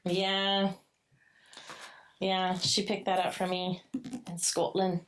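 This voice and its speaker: Woman co-host, casual book chat, effusive and profane, mid-pitched. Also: monotone, noisy background. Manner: gushing, swears freely, quick asides. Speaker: podcast co-host.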